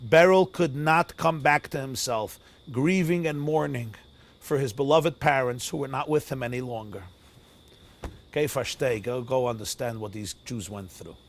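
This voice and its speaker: Dramatic storytelling rabbi. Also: male voice, medium pitch. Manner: dramatic, swinging between loud and hushed, Yiddish and Hebrew words mixed in. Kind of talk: sermon storytelling. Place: outdoors near a forest.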